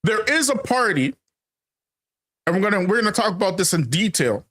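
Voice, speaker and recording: A man's voice: sits high, very animated, moderate pace, a bit bright. A man hosting a casual commentary monologue, emphatic and repetitive, calling his viewers family and laughing often. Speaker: channel host.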